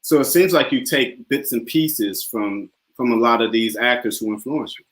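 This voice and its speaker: A man's voice: mid-range voice, normal speed. A man hosting a talk show interview, easygoing and repeating his words as he asks questions. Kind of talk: casual interview chat.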